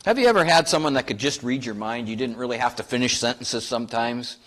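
A pastor preaches a sermon in a folksy, conversational style, questioning the congregation and joking with them. His mid-range voice is a bit bright, and he talks fast.

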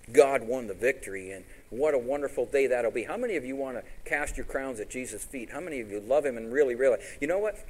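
Folksy male pastor preaching. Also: mid-range voice. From Tennessee. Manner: folksy, animated, acts out little scenes. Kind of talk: sermon.

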